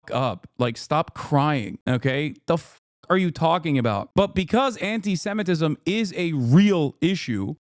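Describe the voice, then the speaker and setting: A man's voice: on the high side, no room sound, studio quality. A man hosting a live stream, giving heated, rambling commentary full of profanity and restarts. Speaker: streamer host.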